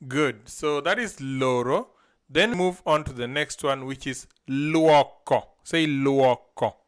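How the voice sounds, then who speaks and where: Teaching vocabulary during a live stream, a man breaks each word into syllables and then has a learner say it back. He speaks slowly in a mid-range voice with a clean tone.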